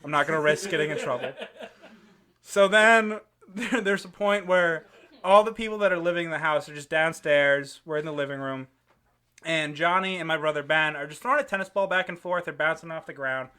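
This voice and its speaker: A man's voice: on the high side, a little fast, clear, resonant tone. A young man, a podcast host, telling a story in casual chat and laughing often as he goes. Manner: animated, laughs often while telling stories.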